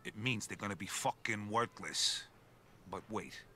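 A hard-nosed middle-aged mobster fence in a crime video game. He talks low and blunt, crude and bossy, giving orders without softening anything, with a faint hiss behind him. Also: unhurried. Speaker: game character.

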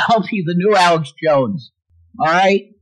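A man's voice: sits high, expressive, measured pace, poor audio. A man hosting a livestream, ranting angrily with constant swearing. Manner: angry profane ranting, swings loud and quiet. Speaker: livestream host.

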